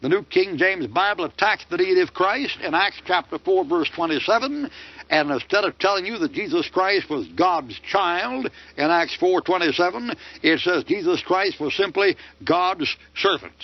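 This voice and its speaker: Older man, combative preacher, high animated voice, dull lo-fi sound. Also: normal speed, dry recording. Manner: combative, rhetorical questions with mocking answers. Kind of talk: sermon lecture. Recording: dull lo-fi dry recording.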